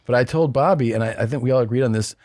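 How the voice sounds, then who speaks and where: A man's voice: mid-range voice, rapid-fire, darkish tone, dry recording. A male podcast host in casual chat, telling stories in a laid-back, dry way.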